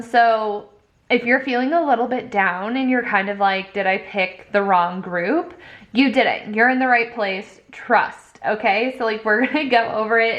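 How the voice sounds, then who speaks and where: A woman's voice: a little high, fairly bright tone, lo-fi sound. A young woman giving a casual tarot reading, talking in a rambling, upbeat way full of fillers. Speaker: tarot reader. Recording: echoey room.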